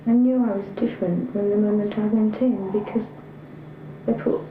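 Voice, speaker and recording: A woman's voice: medium pitch, fairly even intonation, moderate pace, echoey room, narrow, tinny audio, noisy background. A woman recalling her school days in a plain-spoken, reflective way for a documentary. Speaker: interviewee. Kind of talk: personal documentary recollection.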